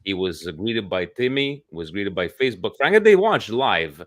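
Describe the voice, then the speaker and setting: A man co-hosting a casual football podcast, talking in an animated way and swearing freely. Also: fairly low pitch, moderate pace, no echo, clean studio sound. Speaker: podcast co-host. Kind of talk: casual sports talk.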